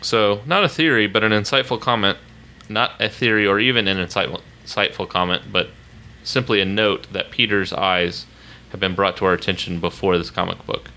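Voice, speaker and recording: A man's voice: lowish voice, brisk, sharp tone, rough recording. A man from Oklahoma co-hosting a casual podcast, reading listener emails with playful, teasing asides. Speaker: podcast co-host.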